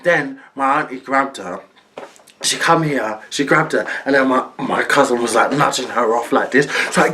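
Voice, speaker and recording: A woman vlogger telling a storytime, animated and laughing as she acts out the other people. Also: extremely low pitch, normal speed, very noisy. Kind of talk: storytime narration.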